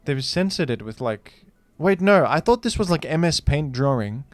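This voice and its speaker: A man's voice: a little high, lively intonation, moderate pace, no room sound, soft background music. A man hosting a gaming video, giving casual, rambling commentary with a joking, incredulous manner. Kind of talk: casual commentary while playing.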